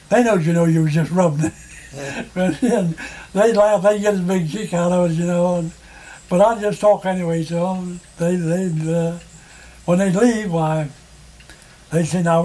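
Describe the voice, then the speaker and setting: A man's voice: fairly high pitch, dark tone, poor audio. An older man spinning a rambling fishing yarn in country dialect, chuckling between lines. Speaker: storyteller. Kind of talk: oral history storytelling.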